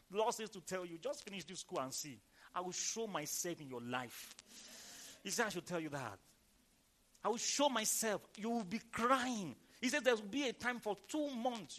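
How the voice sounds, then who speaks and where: A male pastor preaching with a very high, animated voice that swoops up and down. His tone is bright and sharp, and he drives each point home emphatically. He reads scripture in a slow, drawn-out cadence and keeps calling on the congregation to answer him. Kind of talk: sermon.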